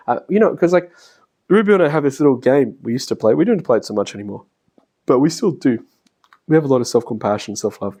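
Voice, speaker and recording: A middle-aged man talks his way through a lecture like a casual chat. His pitch rises and falls a great deal, and he keeps slipping into little voices of his family. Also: animated, quick pace, mellow, slightly rough. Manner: chatty, laughs often, acts out voices of family members. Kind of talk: casual spoken lecture with anecdotes. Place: classroom.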